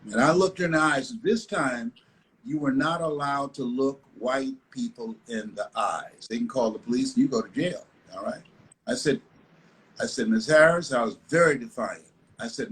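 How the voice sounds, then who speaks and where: Speaking at a moderate pace and medium pitch, this older American motivational speaker recounts stories in a live web interview with emphatic repetition. The live video call audio is low quality.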